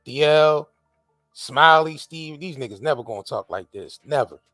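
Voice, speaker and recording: A man hosting a podcast, talking in a casual, profane, animated way with many restarts. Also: fairly high pitch, normal speed, no room sound, clean studio sound, faint music behind. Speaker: podcast host. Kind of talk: casual chat.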